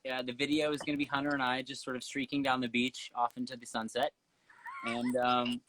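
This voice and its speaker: A man's voice: medium pitch, flat delivery, a little fast, noisy background. A young man, a singer guesting on a phone livestream from home, joking and chatting with playful energy. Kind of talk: casual chat. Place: home, indoors.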